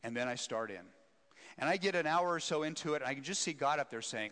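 A man who leads a seminary, telling a story in an animated, self-mocking way during a teaching talk. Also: on the high side, fast. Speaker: seminary president, speaker. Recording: echoey hall.

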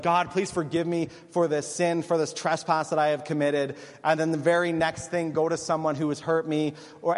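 A male pastor giving a sermon in an earnest, conversational way, with a few small restarts. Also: on the high side. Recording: long reverb of a church hall.

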